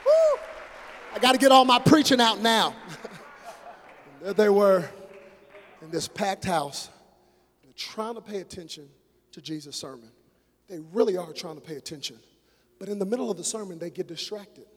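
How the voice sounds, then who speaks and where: A male preacher giving an animated sermon, moving between hushed storytelling and shouted, drawn-out phrases. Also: high voice, a faint crowd. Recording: long reverb of a large hall.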